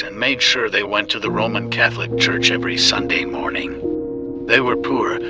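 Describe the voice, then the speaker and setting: A man telling a ghost story in slow, even scripted narration. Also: medium pitch. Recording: music bed under the voice.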